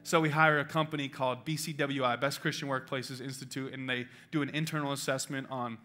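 A man's voice: mid-range voice, steady tone, fairly quick, bright, forceful tone, soft background music. A male pastor preaching a sermon in a church, telling a personal story with emotion and urging his congregation passionately. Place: church auditorium.

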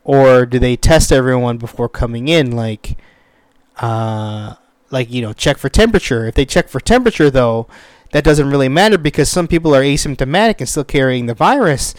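A man's voice: mid-range voice, animated, normal speed, no echo. A man talking casually about a TV show in a rambling rant, with many fillers and a lot of swearing when he gets worked up. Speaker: commentator on a TV show.

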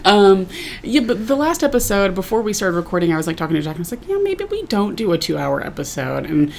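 A young adult woman co-hosting a podcast in casual chat, full of fillers and quick to laugh. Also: medium pitch, big pitch swings, vocal fry, a little hiss or hum. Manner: chatty, filler-heavy, laughs easily. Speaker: podcast co-host.

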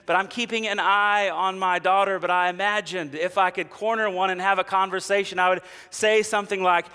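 A man's voice: high-pitched, little pitch movement, brisk, few pauses, bright, forceful tone, clean tone, in a large hall. A man preaching a sermon, telling humorous stories and acting out the people in them before moving into scripture. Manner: humorous storytelling, acts out quoted characters. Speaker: pastor.

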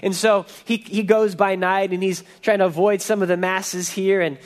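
A man preaching a sermon with a high-pitched voice. He speaks earnestly and with emphasis, and he often stumbles and restarts mid-sentence as he explains the passage. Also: flat delivery, normal speed. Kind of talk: expository sermon.

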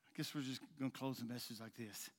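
A male pastor preaching in a folksy, rambling way, at times dropping to a soft coaxing tone. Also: medium pitch, fast. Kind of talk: sermon. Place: church sanctuary. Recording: long hall reverb.

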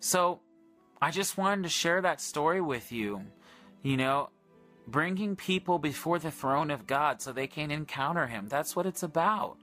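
Earnest man, bright voice. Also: measured pace, soft background music. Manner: earnest storytelling, retells dialogue, many "I said"; gets excited and loud at high points. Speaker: minister hosting a livestream. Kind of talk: casual testimony livestream.

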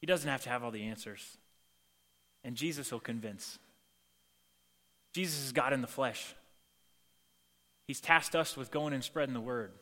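Male preacher, conversational sermon delivery, bright tone, recorded with long hall reverb. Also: mid-range voice, normal speed, long pauses. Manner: casual and animated, acts out quoted lines. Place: church sanctuary.

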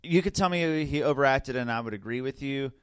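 A man hosting a casual film review podcast, animated, talking in quick restarts. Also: medium pitch, clean tone, dry recording. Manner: animated, restarts and laughs often. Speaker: podcast host.

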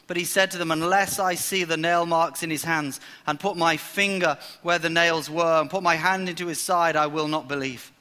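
A man preaching a sermon, telling the story in a lively way and acting out the characters' lines. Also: a little high, normal speed, hardly any pauses. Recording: long hall reverb.

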